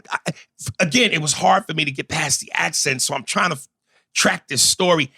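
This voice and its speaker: Male co-host, casual chat, blunt and profane, bright and slightly high. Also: husky, dry recording. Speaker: podcast co-host.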